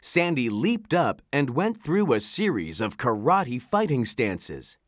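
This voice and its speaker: Animated storybook narrator. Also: medium pitch, slow, no room sound, clean studio sound. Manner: animated, expressive reading. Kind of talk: storybook read-aloud.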